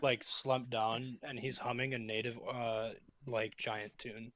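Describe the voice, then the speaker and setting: A man's voice: mid-range voice, little pitch movement, takes it slowly, a bit bright, slight background noise. A man playing a tabletop game, describing his character hesitantly with fillers. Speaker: player.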